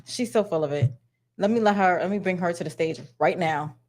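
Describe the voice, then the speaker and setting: A woman's voice: lowish voice, a little fast, darkish tone. A woman hosting a casual celebrity gossip vlog, blunt, slangy and sassy, talking straight to her viewers. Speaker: gossip vlogger.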